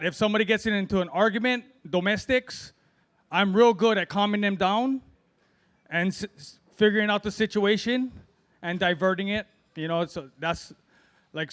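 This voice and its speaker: A man from Hawaii with a fairly high voice works through an open-mic stand-up set. He rambles, fills gaps with ums and long pauses, and sounds middle-aged. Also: a bit bright, smooth. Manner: rambling storytelling with fillers and drawn-out pauses. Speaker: amateur stand-up comic.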